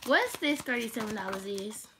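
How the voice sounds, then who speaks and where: Bright, high-voiced woman reading tarot. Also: normal speed, slight background noise. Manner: animated, laughing, profane and teasing. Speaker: tarot reader.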